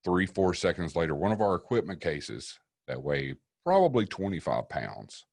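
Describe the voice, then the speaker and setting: At a moderate pace, an East Tennessee paranormal investigator guesting on a podcast tells a relaxed, profane story in an extremely deep, gravelly voice. He vividly acts out other people's words, sitting close to a dry mic with no room sound.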